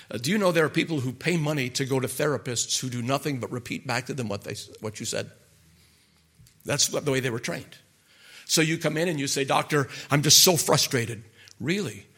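A man's voice: medium pitch, brisk, a bit bright. A middle-aged man preaching a conversational sermon as a pastor and marriage counselor, folksy and full of rhetorical questions to his listeners.

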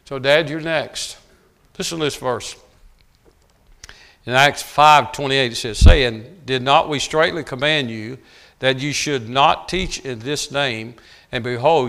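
Gravelly man preaching a sermon. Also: medium pitch. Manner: folksy, swings from quiet asides to loud shouting.

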